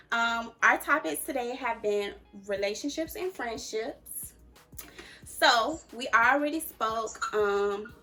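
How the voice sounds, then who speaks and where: A woman's voice: fairly high pitch, pushed and bright. Emphatic young woman hosting a chat. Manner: emphatic, preachy, repeats for emphasis. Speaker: host. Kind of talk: casual advice chat.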